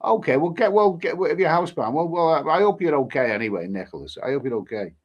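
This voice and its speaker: A man chats loosely on a live stream, answering viewer comments as they come in. He rambles, restarts his sentences and repeats himself, keeping it casual and unhurried. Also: a little high, lively intonation, muffled recording. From England. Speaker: livestream host reading viewer comments.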